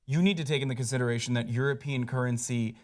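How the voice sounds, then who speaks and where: An American man co-hosting a casual pop-culture chat show, animated and jokey as he riffs on a news story. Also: medium pitch. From United States. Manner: animated, jokey, quick to riff. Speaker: co-host.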